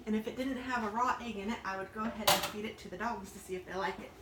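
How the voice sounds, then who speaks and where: A woman's voice: medium pitch, racing. A woman chatting casually at home in her kitchen as she bakes, cooing sweetly to her dogs. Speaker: home baking and crafting vlogger. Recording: noisy, with clattering dishes and clicks.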